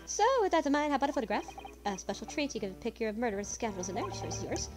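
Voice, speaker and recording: A woman's voice: on the high side, lively intonation, fast talker, close to an everyday voice. A woman voicing an eccentric, money-minded male detective in a theatrical, grandiose manner. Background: game music.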